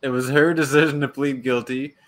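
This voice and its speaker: A man's voice: medium pitch, fairly even intonation, a little fast, crowd noise. A man in his thirties co-hosting a casual sports podcast, joking dryly and reading news articles aloud. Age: 30s. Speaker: podcast co-host.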